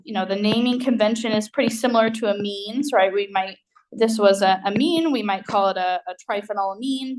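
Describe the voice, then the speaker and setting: A woman with a somewhat high voice delivers a recorded university chemistry lecture. She explains in a loose, conversational way, pausing on fillers and often checking in with the class.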